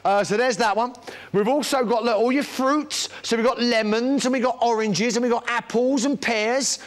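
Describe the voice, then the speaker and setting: A man's voice: very high-pitched, moderate pace. A British man presenting a shopping channel demonstration, chatty and enthusiastic, full of anecdotes. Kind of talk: live product demonstration sales pitch.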